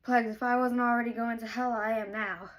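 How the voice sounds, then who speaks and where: A woman's voice: fairly high pitch, fairly even intonation, a little fast. A young woman vlogging about a book as she reads it, chatty, candid and gushing. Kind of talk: casual chat while reading aloud.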